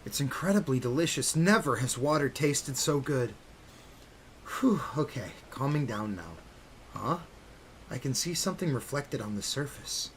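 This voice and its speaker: A man's voice: mid-range voice, expressive, normal speed, slight background noise, close to an everyday voice. A man voicing a bewildered young male hero, reading game dialogue aloud with startled exclaiming.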